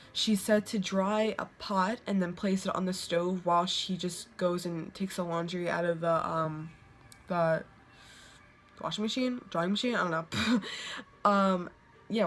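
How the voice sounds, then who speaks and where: A young woman vlogger casually telling ghost stories to the camera, full of "like" fillers and quick laughs. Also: fairly low pitch. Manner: chatty, lots of "like" fillers, quick laughs, acts out quotes.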